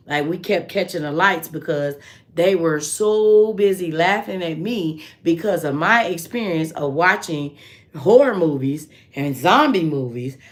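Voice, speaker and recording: A woman hosting a casual livestream, telling a story in a loose, animated way and answering her viewers with endearments like sweetheart and baby. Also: lowish voice. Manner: loose, drawn-out delivery with restarts. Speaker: livestream host.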